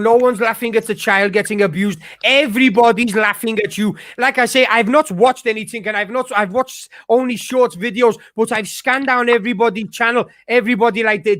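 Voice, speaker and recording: A man's voice: high voice, steady tone, brisk, few pauses, a bit bright, no echo, clean studio sound. A man ranting angrily on a live stream, swearing hard and stumbling over repeated words as he talks. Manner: angry, profane, stammering with many restarts. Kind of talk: heated rant on a live stream.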